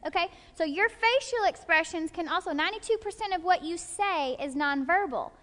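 A woman with a high voice leads a live teaching session for a group, and her speech rings with a long hall reverb. She talks in an animated way, slips into short acted-out voices and keeps checking that her listeners follow along. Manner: animated, acts out quick quoted voices, checks in with listeners often. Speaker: workshop teacher.

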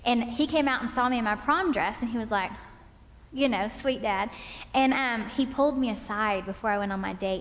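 Her voice a little high and her pace moderate, a woman in her thirties recounts personal stories to a couples' talk audience, warm in tone and often checking in with "okay?" The room adds a long reverb.

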